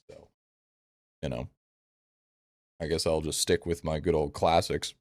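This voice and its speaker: Male game streamer, lowish voice, blunt and foul-mouthed, loops his phrases, dry close sound. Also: moderate pace, dry recording. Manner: blunt, profane, repeats phrases. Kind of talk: casual live-stream chat answering viewers.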